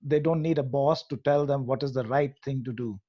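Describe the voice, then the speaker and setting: A man's voice: mid-range voice, fairly even intonation, a little fast, dull audio. A man, head of an AI hub, giving a presentation in an earnest lecturing way with frequent hesitations. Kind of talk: presentation to an audience.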